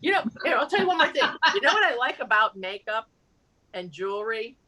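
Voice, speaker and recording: A woman telling jokes to a live audience at a community evening, animated, laughing at her own punchlines and shifting her voice for each character. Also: fairly high pitch, a little fast, poor audio. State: tired. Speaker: amateur comedian at a community event.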